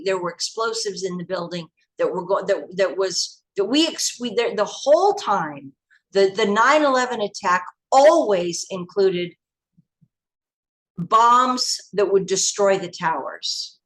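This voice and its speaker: A woman from the United States, an interview guest, telling past events in an animated, emphatic way with many restarts. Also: mid-range voice, unhurried, low-quality recording.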